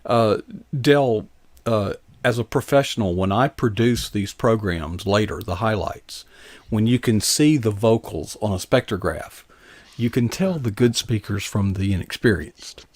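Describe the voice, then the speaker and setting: A man's voice: fairly low pitch, measured pace, a little mellow, no echo. A man hosting a casual interview, talking in a rambling way that takes detours before reaching his point. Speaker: host.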